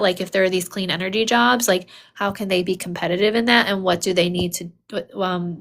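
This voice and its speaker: A woman candidate speaks over a video call in a loose, conversational way. She thinks out loud, with frequent ums and restarts. She grew up in upstate New York. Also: lowish voice. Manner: casual, many fillers and restarts. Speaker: congressional candidate. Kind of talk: town hall interview answers.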